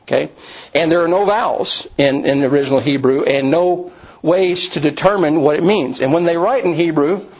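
A man's voice: on the high side, moderate pace, darkish tone. Rambling male Bible teacher, lo-fi. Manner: rambling, many restarts and asides. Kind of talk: Bible study lecture. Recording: dull lo-fi recording.

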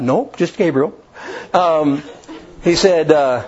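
A man's voice: a little high, lively intonation, normal speed, a little mellow, husky, muffled recording. A man preaching a sermon, acting out the scenes he tells. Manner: folksy storytelling, acts out the scenes.

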